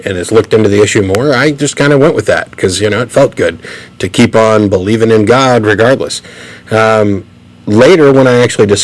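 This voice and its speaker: A young man co-hosting a call-in show, speaking briskly and articulately as he tells his own story. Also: lowish voice, rough recording. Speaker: co-host.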